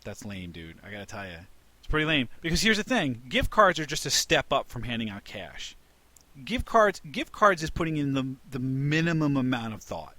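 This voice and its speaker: A man's voice: mid-range voice, very animated, moderate pace, pushed and bright, no echo. A man co-hosting a casual podcast, talking emphatically, swearing freely and restarting his sentences. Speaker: podcast co-host. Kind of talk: casual banter.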